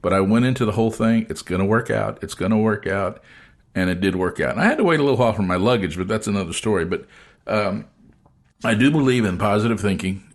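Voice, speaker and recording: Low-voiced man telling a story. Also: fast talker. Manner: animated storyteller acting out quoted voices. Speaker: host. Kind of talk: casual storytelling chat.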